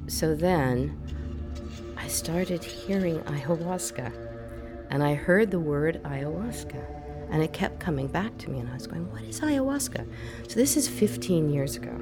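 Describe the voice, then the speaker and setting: A middle-aged woman with a low, gravelly voice recounts her own story in an interview. She talks earnestly and reflectively and often repeats phrases for emphasis. Music plays clearly beneath her voice. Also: animated, a little slow. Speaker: psychotherapist guest. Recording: music playing under the voice.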